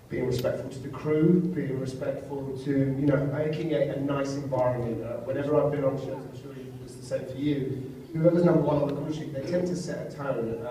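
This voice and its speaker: A man, an actor on a convention panel, telling comic anecdotes in an animated way. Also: medium pitch, a little hiss or hum. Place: large convention hall. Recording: echoey hall, distant from mic.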